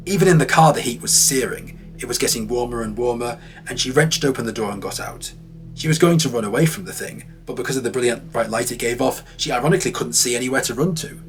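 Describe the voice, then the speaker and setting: A man narrating an audio documentary in a vivid, dramatic storytelling voice. His pitch sits in the ordinary middle range, and soft music plays faintly beneath him. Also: fast talker.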